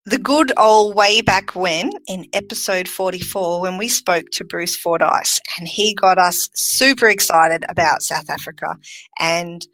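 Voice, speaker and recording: A woman co-hosts a podcast in easy, chatty talk. Her voice is bright and forward, and she laughs often between thoughts. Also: fairly low pitch, unhurried, no room sound. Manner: chatty, giggly. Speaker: podcast co-host. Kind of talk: casual chat.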